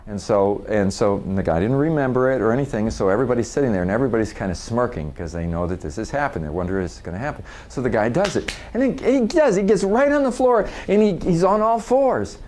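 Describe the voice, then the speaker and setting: A man's voice: on the low side, expressive, a little fast, hardly any pauses, darkish tone. A middle-aged man speaking live to an audience at a workshop. He talks in a conversational way, laughs often and restarts his sentences.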